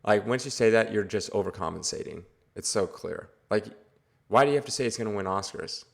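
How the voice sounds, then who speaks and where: Gravelly, rambling man reviewing a movie. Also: lowish voice, a little fast. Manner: rambling, exasperated, lots of "like" fillers. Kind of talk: casual video review rant.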